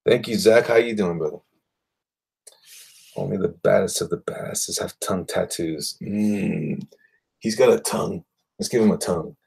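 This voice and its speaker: A man talks casually with his viewers as he draws, rambling and muttering to himself between thoughts. His voice is low, gravelly and husky, yet lively in pitch. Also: normal speed, long pauses. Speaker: artist livestreaming while drawing. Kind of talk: casual chat while drawing.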